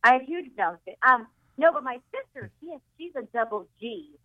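Joking high-voiced woman on phone. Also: animated, normal speed, no room sound. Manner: bubbly, joking, laughs often. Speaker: phone-in guest comedian. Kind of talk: casual chat. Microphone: phone line. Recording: tinny dry phone line.

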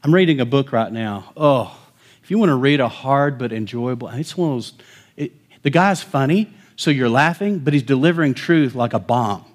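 A middle-aged male pastor preaching a sermon, telling a story and swinging from hushed, quiet lines to loud, emphatic ones. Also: medium pitch, lively intonation, moderate pace.

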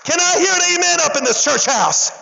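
A very high-pitched male pastor preaches an animated sermon in a church, voicing the story's characters in casual slang and urging the congregation to answer back. The recording is dull and lo-fi, with a long reverb trailing each phrase. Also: a little fast, creaky. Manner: animated preaching, calls for audience response.

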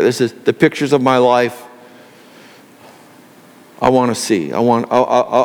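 A man preaching, voicing a blind male beggar who shouts and pleads, in a reverberant hall. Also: medium pitch, voice pushed down, lightly acted.

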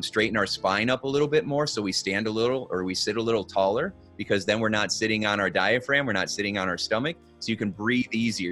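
A man's voice: on the low side, a bit bright. A man giving practical advice in a conversational podcast, coaching the listener and checking in with "okay?" and "right?" as he goes. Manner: coaching, instructive, asks "okay?" and "right?" often. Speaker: guest expert on body language.

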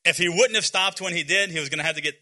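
A man's voice: fairly high pitch, racing, sharp tone. A man in his forties giving an informal, earnest sermon to young people, with many fillers and restarts and some self-deprecating humor. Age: 40s. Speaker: youth speaker.

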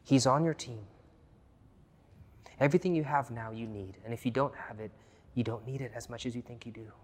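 A man preaching a sermon as pastor, earnest and repetitive, dropping to a hush and then rising loud again. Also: mid-range voice, a little fast. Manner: earnest, repeats key phrases, swings from hushed to loud. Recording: long reverb of a large hall.

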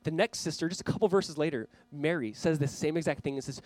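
Male pastor, earnest preacher, slightly high voice, dry close sound. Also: quick pace, a little mellow, no echo, rough recording. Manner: earnest, urging the listeners directly. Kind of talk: sermon. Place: church, speaking to a camera for online viewers.

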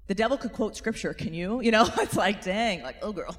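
Lively woman preaching in a big hall. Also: mid-range voice, fairly quick. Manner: lively and animated, often asks the crowd. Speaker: speaker. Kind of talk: faith talk to a live audience. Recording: long hall reverb.

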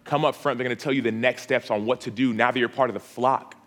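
A man's voice: mid-range voice, fairly even intonation, fast, a bit bright, faint music behind. Pleading preacher man, repeating himself. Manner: repetitive, pleading cadence. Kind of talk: altar call sermon. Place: church auditorium.

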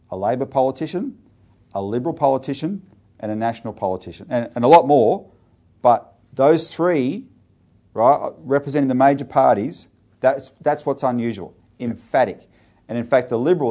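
A man's voice: mid-range voice, animated, moderate pace, dark tone. Emphatic Australian male talk show host. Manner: urgent, emphatic, addresses viewers directly. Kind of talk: political talk show presenting.

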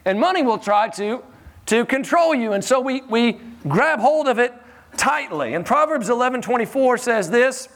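A man preaching a sermon in a church in a conversational, animated way, often chuckling and repeating his words. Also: very high-pitched, moderate pace.

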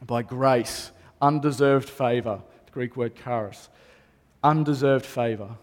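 A man's voice: mid-range voice, unhurried. Man preaching in a reverberant hall. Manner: earnest, repeats phrases for emphasis. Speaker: pastor. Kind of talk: sermon.

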